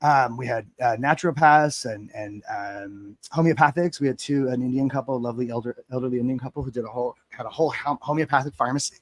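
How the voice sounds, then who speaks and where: A man's voice: mid-range voice, quick pace, few pauses, dry recording. A man in his forties, co-hosting a live talk show, rambling in a profane, casual way and laughing often. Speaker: podcast co-host.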